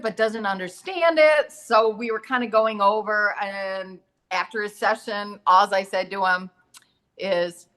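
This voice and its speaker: A middle-aged woman, a medium and massage therapist, appears as a guest in a casual talk-show conversation, her mid-range voice sharp in tone. She speaks earnestly and tells stories, acting out the quoted dialogue in different voices.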